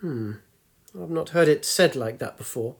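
A man doing a curt, hurried young man. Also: on the high side, animated, gravelly. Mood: flustered. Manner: curt, flustered, defensive. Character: brisk, hurried young man, a software engineer. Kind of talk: storybook reading.

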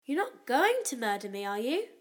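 A man's voice: very high-pitched, big pitch swings, moderate pace, voice pushed up. A male narrator voicing a sweet-seeming but secretly sinister little girl, chirpy and sing-song. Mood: innocent.

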